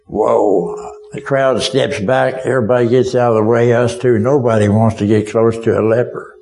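A man's voice: mid-range voice, fairly even intonation, normal speed, a little mellow, rough recording. A man preaching a sermon as a vivid story, speaking as a witness and asking his listeners directly whether they can see it.

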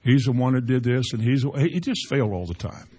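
A man's voice: mid-range voice, animated, a little fast, warm tone, breathy edge. A man preaching a sermon as a pastor, growing emphatic as he quotes scripture. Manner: preaching with rising emphasis and Bible quotations.

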